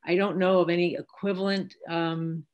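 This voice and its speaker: An American woman physician speaking as a panel guest, measured and explanatory, with pauses and fillers. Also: lowish voice, flat delivery, darkish tone, highs cut off. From United States. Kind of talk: panel discussion.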